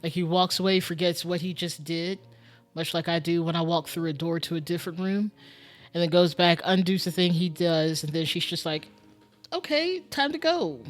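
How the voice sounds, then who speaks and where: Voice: medium pitch, level tone, moderate pace, faint music behind. Musing streamer thinking aloud over a game. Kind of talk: casual live-stream game commentary.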